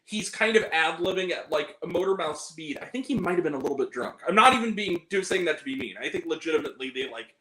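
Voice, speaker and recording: A man co-hosting a casual podcast chat about movies, animated, swearing freely and breaking into laughter and exaggerated reactions. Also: a little high, fast, hardly any pauses, echoey room, rough recording. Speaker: podcast co-host.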